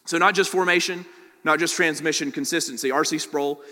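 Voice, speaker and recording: A man preaches in a relaxed, talky way, peppering his points with quick "right?" checks to the congregation. His voice sits a bit high and rings bright, with a long reverb trailing off the church room. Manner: conversational teaching, frequent "right?" tag questions. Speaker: pastor. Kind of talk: sermon.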